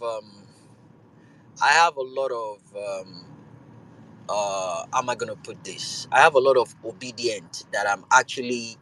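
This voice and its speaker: A Nigerian man hosting a show, delivering an impassioned political rant that swings between calm and loud. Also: mid-range voice, a little hiss or hum, rough recording. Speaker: show host.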